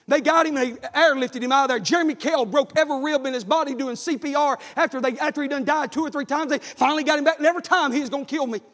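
Fervent high-pitched preacher shouting. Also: male voice, long reverb tail. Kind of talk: revival sermon.

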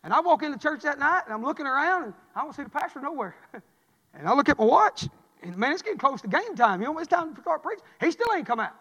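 Male preacher, high tenor, rises to shouts, calls for amens, long church reverb. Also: very animated, fast. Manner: builds from quiet to shouting, call-and-response. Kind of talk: revival sermon.

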